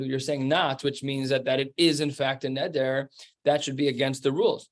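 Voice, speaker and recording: A man's voice: medium pitch, fairly even intonation, normal speed. A male rabbi giving a daily Talmud lesson, explaining each step in a loose, conversational way.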